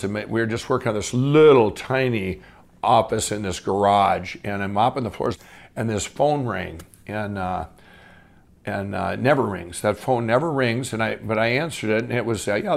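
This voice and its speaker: A man's voice: on the low side, gravelly. A man, an inventor and company founder, telling his life story in a casual, rambling, eager way, acting out the dialogue he quotes. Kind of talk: casual first-person storytelling.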